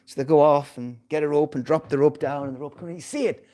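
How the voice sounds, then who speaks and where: A man's voice: a little high, fairly even intonation, fast, mellow. A man giving a scripture class in a temple, telling stories and acting out the people in them. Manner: storytelling with acted-out voices and laughter. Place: temple hall.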